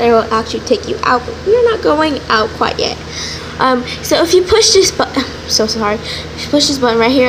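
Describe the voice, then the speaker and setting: A young woman with a fairly high voice chats her way through a casual drawing tutorial, giggling and cutting herself off mid-sentence. She is recorded on a phone, and a steady hiss of noise sits under her voice. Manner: giggly, rambling, self-interrupting. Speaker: vlogger.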